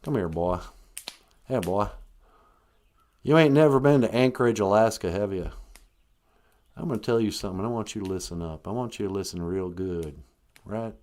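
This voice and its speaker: A man voicing a menacing redneck who drawls slowly and bullies a stranger. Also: on the low side, a little mellow, natural voice. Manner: slow drawl, bullying.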